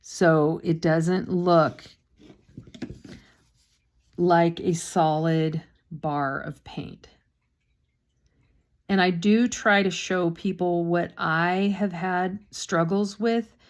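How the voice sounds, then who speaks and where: A woman's voice: fairly low pitch, fairly even intonation, extremely slow, pauses often. A woman painting instructor talks casually through a step-by-step demonstration, with chatty, self-deprecating asides and a slightly sore throat.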